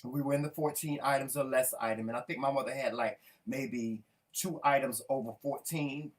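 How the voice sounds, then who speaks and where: A man's voice: mid-range voice, fairly even intonation, moderate pace, far from the mic. A man co-hosting a talk show, telling heated stories brashly and cursing a lot. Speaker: co-host. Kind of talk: casual chat.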